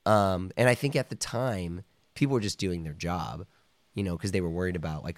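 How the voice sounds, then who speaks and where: Fairly quick and low-voiced, a man tells a rambling, casual story as a podcast guest, in a dry recording. He fills it with "like" and "you know," coughs here and there, and sometimes acts out what others said.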